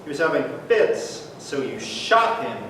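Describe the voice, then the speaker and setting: An actor as a measured police officer asking probing questions, with a lively rise and fall in the voice. It echoes from a distance across a hall with faint noise. It is a live stage play. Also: medium pitch.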